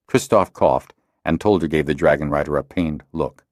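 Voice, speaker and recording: A man narrates a fantasy audiobook with expressive storytelling. His voice is very low yet swings lively in pitch, and the recording is dry and close. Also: moderate pace, no echo. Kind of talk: scripted narration.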